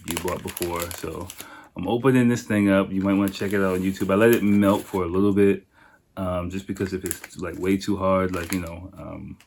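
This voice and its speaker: Male podcaster, very deep voice, loose and swearing, rambling food-tasting chat. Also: slight background noise. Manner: profane, rambling, chatty. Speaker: podcast host.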